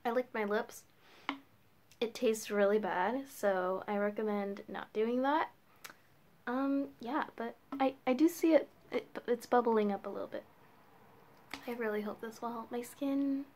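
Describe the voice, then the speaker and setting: A woman's voice: a little high, a little mellow, slight background noise. A teenage girl filming a casual beauty vlog at home, giggly and chatty, with lots of filler words. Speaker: beauty vlogger.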